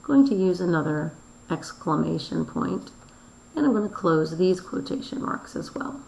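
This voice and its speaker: A woman teacher going over a daily review, explaining slowly and spelling out words letter by letter. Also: lowish voice, expressive, creaky, a little mellow, slight background noise. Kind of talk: recorded classroom review lesson. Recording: roomy echo.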